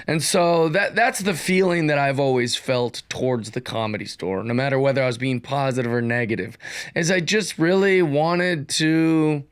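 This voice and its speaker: A man's voice: a little high, normal speed, clear, resonant tone, no room sound, studio quality. A man in his forties, a comedian, talking through a casual solo monologue full of fillers and restarts. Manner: rambling, filler-heavy, animated storytelling. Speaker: comedian hosting his own show.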